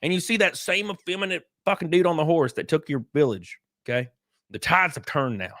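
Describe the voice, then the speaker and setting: This livestream host from California has a fairly high, fairly bright voice and talks at a fairly quick clip. He reads chat, reacts, curses freely, laughs a lot and imitates other people's voices, all in clean studio audio with no room sound.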